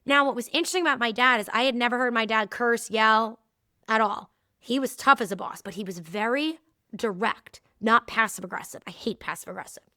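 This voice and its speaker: A woman in her thirties hosting a solo podcast, telling stories and teaching in a candid, animated way with frequent laughs. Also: on the high side, a little fast, no room sound, studio quality. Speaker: podcast host and movement teacher. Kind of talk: casual solo podcast talk.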